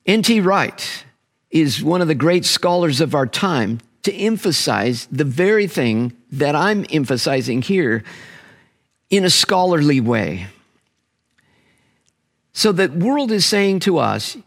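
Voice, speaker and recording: A man preaching a sermon, animated and emphatic, stretching out key words. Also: fairly high pitch, creaky. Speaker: pastor.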